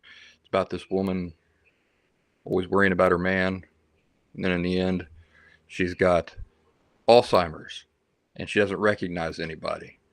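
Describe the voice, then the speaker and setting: Man, livestream host, casual chat, rambling storyteller, lowish pitch, dry sound. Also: flat delivery, moderate pace, pauses often, no room sound. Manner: rambling, chatty storytelling and reading out viewer comments.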